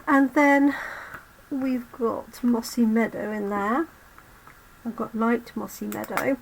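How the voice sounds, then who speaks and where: Craft host, woman, losing her voice; slightly high, unhurried delivery. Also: fairly even intonation, creaky, a little hiss or hum, rough recording. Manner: chatty, talks to viewers while working. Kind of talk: live card-making demo.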